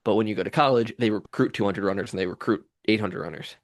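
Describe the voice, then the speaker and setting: A young man co-hosts a casual podcast, tossing out jokes and teasing his partner. His voice sits a little low. The recording is close and dry. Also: no echo. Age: young adult. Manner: joking, teasing, quick with banter. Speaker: podcast co-host. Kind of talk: casual chat.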